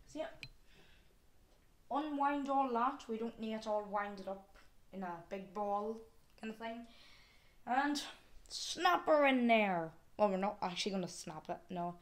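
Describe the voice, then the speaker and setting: A woman with a slightly high voice talks straight to her viewers in a casual vlog. She is chatty and exclaims often, thinking out loud in a relaxed, homely way. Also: noisy background. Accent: non-American, with regional word "wee". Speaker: vlogger. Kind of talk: casual unboxing chat to viewers.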